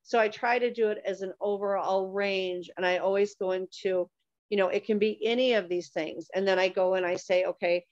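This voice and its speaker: A woman's voice: mid-range voice, steady tone, brisk, darkish tone, no echo. A woman guest on a talk show, explaining things in a patient, teaching manner and giving examples. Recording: dull, dry lo-fi sound.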